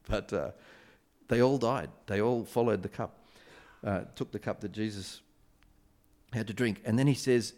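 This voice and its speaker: Male preacher, lowish voice, chatty sermon delivery, lots of ums and restarts. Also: a little slow, pauses often. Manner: conversational, animated retelling with many fillers and restarts.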